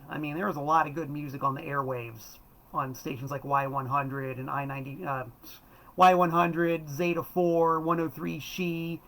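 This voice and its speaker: A man's voice: fairly high pitch, fairly bright tone, rough recording. Enthusiastic rambling man in his fifties. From South Florida. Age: 50s. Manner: rambling and enthusiastic, self-correcting. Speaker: host. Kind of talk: casual monologue about records.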